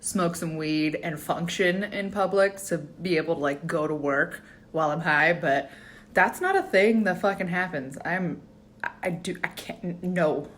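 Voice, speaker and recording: A woman's voice: fairly low pitch, a little slow, fairly bright tone. A woman in her twenties ranting profanely in casual selfie videos, exasperated, filmed on a phone at arm's length. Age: 20s. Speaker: vlogger.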